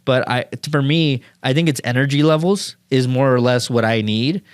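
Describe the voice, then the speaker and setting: A man talking as a podcast guest in a rambling, slangy way, full of "like" and "dude", telling animated stories. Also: medium pitch, moderate pace, clean tone, no room sound, studio quality. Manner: animated storytelling. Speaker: podcast guest, marketing and sales speaker. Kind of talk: casual podcast conversation.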